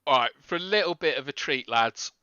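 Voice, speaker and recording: A man's voice: mid-range voice, lively intonation, brisk, sharp tone, clear, resonant tone, dry recording, highs cut off. A man giving an earnest, explanatory tactical breakdown on a live stream, with frequent ums. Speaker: tactical analyst. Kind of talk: live stream football analysis.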